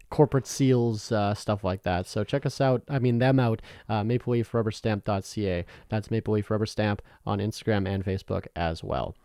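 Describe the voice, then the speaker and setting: Young man from Canada, podcast co-host, loose rambling chat, medium pitch, dry close mic. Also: mellow, smooth, dry recording. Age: young adult. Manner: rambling, laughs often, swears casually. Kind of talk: casual chat.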